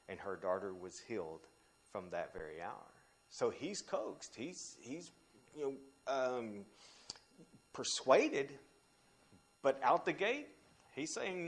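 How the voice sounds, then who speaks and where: Animated male Bible teacher. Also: slow, long pauses. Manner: animated, frequent restarts, pitch jumps when quoting scripture.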